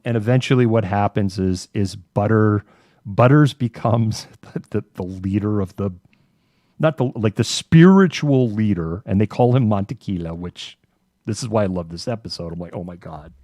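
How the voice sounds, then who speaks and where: A man talks casually on a live online show, with a lowish, mellow voice recorded close and dry. He rambles, restarts his sentences and swears now and then. He jumps into quick character voices as he retells a story. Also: no echo. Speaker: podcast co-host.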